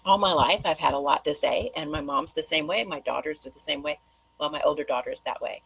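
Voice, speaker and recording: A middle-aged woman talks straight to her viewers in a loose, rambling monologue, full of quick tangents. Her voice sits low and has a gravelly edge. It has a husky, slightly rough grain. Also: a bit bright, rough recording. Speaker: host.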